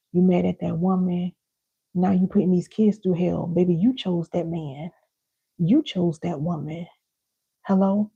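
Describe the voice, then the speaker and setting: Woman, live teaching, slow, gravelly, repeats key lines, calls listeners y'all. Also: fairly low pitch, warm tone, lo-fi sound. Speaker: parenting and healing teacher.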